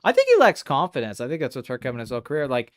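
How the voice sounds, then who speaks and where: A man hosting a casual live stream chat, talking in animated, rambling bursts with restarts and plenty of swearing. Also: medium pitch, very fast. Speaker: podcast host.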